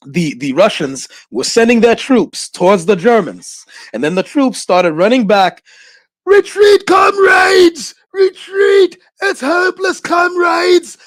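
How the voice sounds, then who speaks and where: A man's voice: a little high, no room sound. A man hosting a livestream talk show, delivering an emphatic, preachy monologue with stumbles and restarts, often asking "okay?". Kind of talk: casual commentary monologue.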